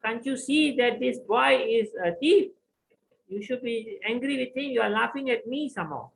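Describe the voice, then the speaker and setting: A man's voice: very high-pitched, moderate pace, creaky, fairly bright tone, a little hiss or hum, voice pushed up, heavily acted, poor audio. A man doing an indignant scolding village woman.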